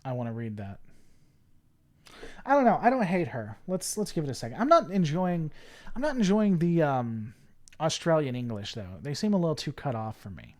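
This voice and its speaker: A male livestream host talks casually at his desk mic, rambling between thoughts and answering viewer messages as they come in. His voice sits a little high and swings animatedly up and down. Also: very animated, moderate pace. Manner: rambling, reads chat aloud and answers it.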